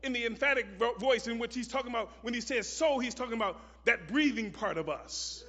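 A high, bright-toned man preaches a sermon, hammering home repeated phrases and rising into shouted, chanted lines. His voice rings through a hall with a long reverb on a dull, muffled recording. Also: a little fast.

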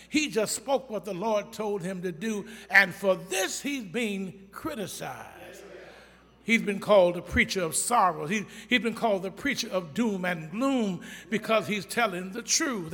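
A man with a high, bright voice delivers a blunt, folksy sermon to his congregation. He preaches with rising emphasis, at times near shouting. The sound carries the long echo of a church hall. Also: lively intonation, unhurried, husky.

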